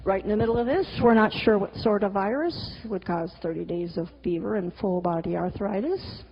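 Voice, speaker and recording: A middle-aged cartoonist and teacher speaks at a medium pitch and normal speed in a candid storytelling talk with slides. The lo-fi recording has a long hall reverb, and her frank stories come with free swearing and exasperated asides.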